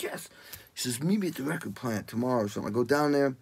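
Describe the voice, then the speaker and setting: An older man, a drummer, telling animated stories in a casual interview and acting out what people said. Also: fast talker, gravelly, breathy edge. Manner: animated, acts out quotes in loud high voices.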